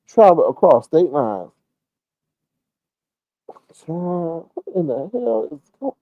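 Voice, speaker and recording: A man's voice: fairly high pitch, slow pace, creaky, pauses often, no room sound. Man streamer, casual rambling commentary, swearing freely, voice leaping up and down, dull and dry audio. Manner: rambling, profane, animated. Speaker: livestream commentator.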